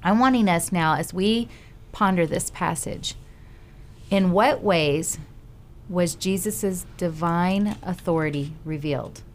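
A woman's voice: on the low side, takes it slowly, a little hiss or hum. A woman leading a Bible study group, encouraging and praising the members as she poses questions.

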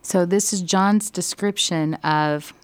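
A woman leading a casual Bible study, directing readings and asking questions, and growing animated and emphatic when moved. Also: fairly low pitch, slow pace, smooth, no room sound.

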